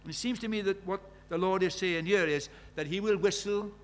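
Male preacher, high voice, chatty sermon with questions to the pews, scripture read with rising force. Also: fairly quick. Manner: conversational, asks the congregation many questions.

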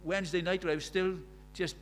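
A man's voice: high-pitched, steady tone, fast talker, soft background music. A man preaching a sermon, emphatic and storytelling, firing rhetorical questions at the congregation.

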